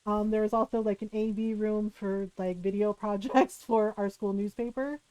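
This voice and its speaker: A woman's voice: mid-range voice, fairly even intonation, normal speed, a little mellow, dry recording, rough recording. A young adult woman streamer casually telling a story in a chatty way, full of "like" and "right?".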